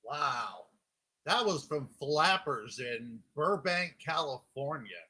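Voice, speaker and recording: A man's voice: a little high, lively intonation, takes it slowly, bright, forceful tone, slightly rough. A man hosting a show, commenting sarcastically on comedy clips. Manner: dry, sarcastic. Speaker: show host.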